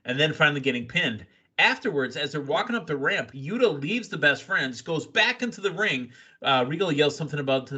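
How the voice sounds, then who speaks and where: A man hosting a casual wrestling recap podcast, excitable and quick with asides and laughs. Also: on the high side, husky, lo-fi sound. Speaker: podcast host.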